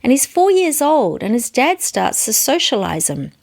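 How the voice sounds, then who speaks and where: A woman's voice: big pitch swings, normal speed, gravelly, a little mellow. A woman teaching psychology, telling illustrative stories in an earnest way, lifting her voice for emphasis. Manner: earnest storytelling, varies pitch for emphasis.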